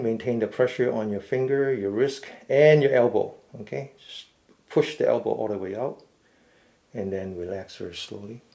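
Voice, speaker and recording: A man leading a mindful fitness class, giving slow, step-by-step stretching cues and often checking in with "okay?". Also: lowish voice, gravelly, darkish tone. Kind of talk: guided stretching instruction.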